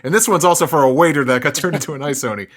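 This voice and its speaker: A man doing a rapid, furious little reindeer. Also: a little high, fairly bright tone, voice pushed up. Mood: vengeful glee. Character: small furious reindeer doctor, male.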